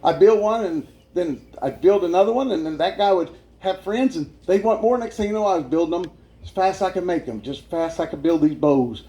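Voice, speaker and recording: A man giving a humorous life-story testimony as a guest speaker, animated and often laughing as he tells it. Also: high-pitched, a little fast.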